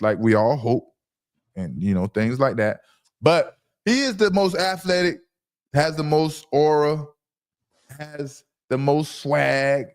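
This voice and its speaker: A man hosting a casual sports talk livestream from home, loud and brash, trash-talking his commenters. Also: mid-range voice. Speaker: podcast host.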